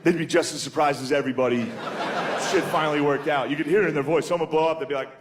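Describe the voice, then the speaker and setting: A man doing a crude, casual stand-up comedy set, calling the audience dude and jumping into loud, high character voices. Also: steady tone, rapid-fire, noisy background.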